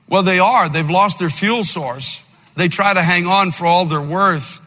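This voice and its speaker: An older man preaching an impassioned sermon, moving between loud fervent outbursts and low, quiet storytelling. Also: measured pace. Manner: fervent preaching, by turns shouting and dropping low, with storytelling asides. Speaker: pastor. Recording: long reverb of a big hall, faint music.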